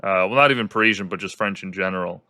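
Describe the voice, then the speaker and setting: Bright, crisp-voiced man hosting. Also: sits low, fast, no room sound, studio quality. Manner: animated storyteller who acts out quoted people. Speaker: podcast host. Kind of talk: casual conversational interview.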